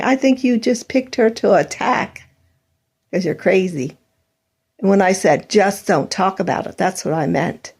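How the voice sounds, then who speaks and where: A woman's voice: medium pitch, creaky, darkish tone. An older woman in a bitter, sarcastic personal monologue, airing grievances at her absent family. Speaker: vlogger.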